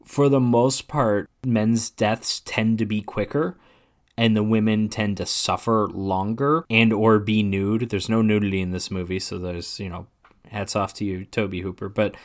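A man co-hosting a casual movie podcast, animated and laughing often, trailing off quietly at the ends of thoughts. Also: on the low side, a little slow. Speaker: podcast co-host. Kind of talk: casual chat.

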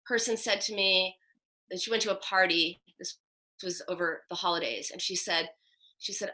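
A woman's voice: on the low side, fairly even intonation, normal speed, pushed and bright, poor audio. A middle-aged woman psychoanalyst answering interview questions in an emphatic way, acting out quoted self-talk. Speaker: psychoanalyst guest.

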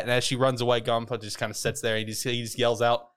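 A man's voice: mid-range voice, flat delivery, fast, a bit bright, clear, resonant tone. A man co-hosting a podcast, recapping an anime episode in casual, rambling chat, swearing freely and laughing often.

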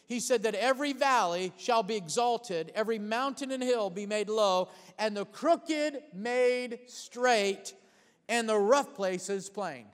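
A man preaching a sermon in a high, bright voice that rings through a hall with a long reverb tail. He keeps calling for amens and repeats key words, sometimes rushing ahead and sometimes drawing lines out slowly. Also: clear, resonant tone. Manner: preaching with call-and-response, repeating phrases; shifts between fast bursts and slow emphatic lines. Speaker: pastor.

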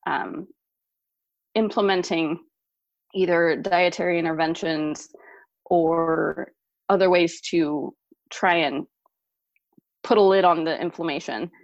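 A woman with a lowish voice tells her story as a guest on an interview show, animated and quick to laugh. The sound is dull and a little lo-fi, with a dry, close feel. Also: no room sound. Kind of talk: podcast interview.

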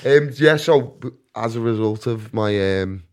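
A man's voice: fairly low pitch, normal speed, a little mellow. A man telling stories as a guest in a casual chat, laughing often and often asking "do you know what I mean".

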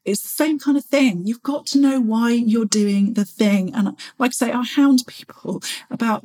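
Chatty encouraging woman, husky voice. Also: a little high, moderate pace, dark tone. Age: 40s. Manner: chatty and encouraging, acts out her own inner voice. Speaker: fitness podcast host. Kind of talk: motivational solo podcast talk.

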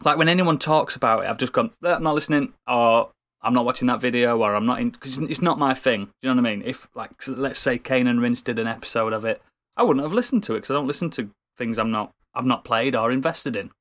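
An excitable British man chatting on a podcast, his pitch sitting in a middling range. He swears freely and keeps the talk lively, with a casual, conversational delivery. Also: fast talker. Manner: animated, swears and laughs often. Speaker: podcast co-host and streamer. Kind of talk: casual chat.

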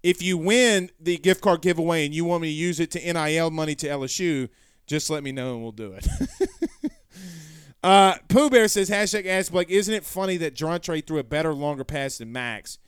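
A man's voice: fairly high pitch, expressive, moderate pace, clean tone, no echo, studio quality. A man hosting a sports stream, reading viewer comments in a rambling, folksy way and correcting himself often. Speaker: sports show host. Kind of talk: casual live-stream chat reading comments.

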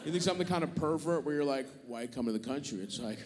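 A man's voice: a little high, expressive, fast talker, a little mellow. A male stand-up comedian telling a profane, exasperated story and acting out both sides of arguments on stage. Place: theater stage before a live audience. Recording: live stage recording with long hall reverb and audience noise.

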